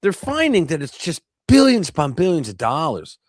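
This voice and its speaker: A man from the United States talking in a casual political livestream chat, animated and emphatic with coarse language. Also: a little high, moderate pace, dry recording, studio quality. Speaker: guest co-host.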